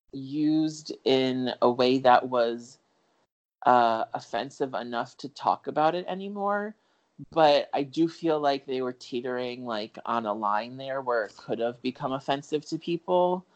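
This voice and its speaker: A man talking loosely through a film review on a podcast, circling his points with fillers and false starts. He is candid and swears now and then, in a relaxed, unscripted chat. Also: mid-range voice. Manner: rambling, full of fillers and restarts. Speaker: podcast co-host.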